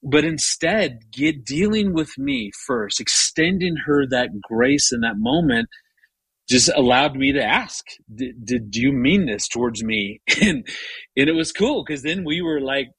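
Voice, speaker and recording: Husky-voiced man telling a story. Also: a little high, a little slow, dry recording, low-quality recording. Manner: animated, retells his inner rants with rising voice; frequent repeated-word restarts. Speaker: guest. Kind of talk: storytelling in conversation.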